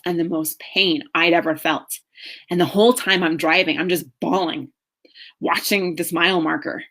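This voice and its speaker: A middle-aged woman, a marriage coach, telling her own story in an earnest, emotional way with slow pauses. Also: lowish voice, a bit bright. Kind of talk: personal story talk.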